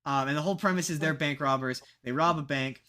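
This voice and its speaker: A man's voice: fairly high pitch, fast, sharp tone. A young man co-hosting a casual podcast, rambling and poking fun at himself, with lots of fillers and restarts. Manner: rambling, self-mocking, many fillers and restarts. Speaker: podcast co-host.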